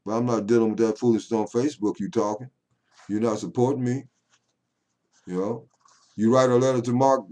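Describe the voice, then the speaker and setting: A man's voice: mid-range voice, steady tone, a little fast, pauses often, warm tone. An older man talking at home to camera in a rambling, folksy monologue that swings into call-and-response preaching. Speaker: poet vlogger.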